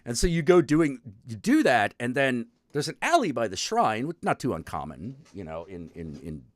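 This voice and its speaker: Animated male streamer telling a story. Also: medium pitch, moderate pace, no echo, clean studio sound. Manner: animated storytelling, frequent swearing and restarts. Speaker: stream show host. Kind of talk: casual chat, retelling a video game.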